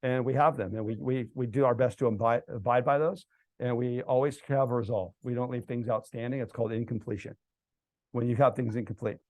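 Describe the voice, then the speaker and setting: A middle-aged American man speaking casually to a church group, telling stories that build to loud, animated outbursts. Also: mid-range voice, brisk, no room sound. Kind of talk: casual storytelling talk to a group. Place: church hall event.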